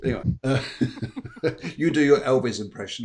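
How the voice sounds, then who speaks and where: A man's voice: mid-range voice, brisk, pauses often, darkish tone. A man hosting a live stream as a psychic medium, rambling and repeating phrases as he passes on messages. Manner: rambling, repeats phrases, tags sentences with "here". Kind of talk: live-stream spiritual reading.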